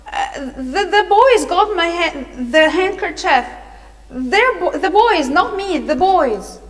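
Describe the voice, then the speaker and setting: A woman's voice: very high voice, expressive, slow, pitched above the performer's own voice, full character voice. A woman voicing a frightened young boy who pleads that he is innocent. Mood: pleading. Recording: echoey room.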